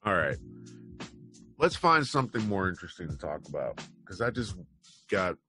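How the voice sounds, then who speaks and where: A man's voice: sits low, very animated, normal speed, pushed and bright, faint music behind. Rambling opinionated man hosting news chat. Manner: rambling, opinionated, wry asides. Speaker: news show host. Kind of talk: casual commentary on news headlines.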